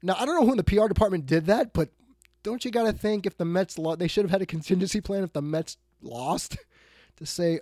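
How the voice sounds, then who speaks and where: A man's voice: sits high, fairly quick, no echo. Exasperated male sports talk host, dry mic. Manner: blunt, exasperated, swings between loud outbursts and muttered asides. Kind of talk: ranting sports talk monologue.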